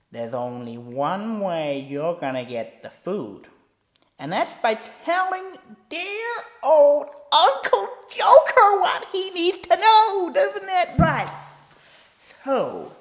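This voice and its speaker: A man's voice: very high voice, a bit bright, voice pushed up, exaggerated voice. A man voicing a cackling, wheedling male clown villain in a sing-song, menacing way. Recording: roomy echo.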